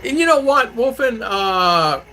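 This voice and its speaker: A man's voice: extremely high pitch, lively intonation, unhurried, sharp tone, slight background noise, poor audio. A man from Arizona, hosting a casual live stream and answering viewer comments in a rambling, chatty way. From Arizona, USA.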